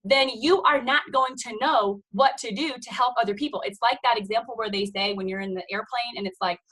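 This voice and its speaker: Team leader, woman in her thirties, rousing video-call pep talk with a bright, ringing voice. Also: a little high, brisk, slightly rough, low-quality recording. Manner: emphatic, preachy, chatty, with "you guys" and "okay?".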